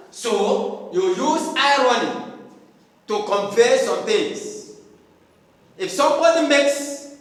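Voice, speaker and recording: A man lectures slowly and emphatically, going back over the same phrases again and again. His voice sits high for a man. The sound is roomy, with a long hall reverb and a distant mic. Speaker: teacher. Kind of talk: classroom lecture.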